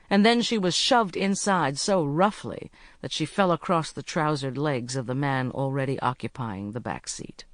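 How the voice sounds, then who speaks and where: An audiobook narrator reading a cozy mystery with an expressive delivery, recorded close on a studio mic. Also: mid-range voice, dry recording.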